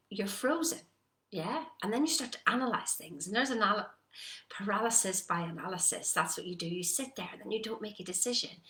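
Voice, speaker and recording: A woman giving a casual motivational talk, animated and acting out her own doubts. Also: medium pitch. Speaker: personal development coach. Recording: echoey room.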